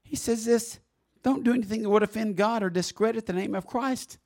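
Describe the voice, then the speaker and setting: A man preaching a sermon in a church, swinging from soft reflection to loud exclamations. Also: high voice, a little fast. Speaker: pastor. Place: church sanctuary.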